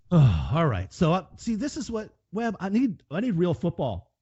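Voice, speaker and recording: A man's voice: high-pitched, huge pitch swings, measured pace, dark tone, breathy edge, dry recording. A man co-hosting a sports betting podcast, rambling and profane with many restarts. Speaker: podcast co-host. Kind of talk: casual sports betting chat. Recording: dull lo-fi podcast audio.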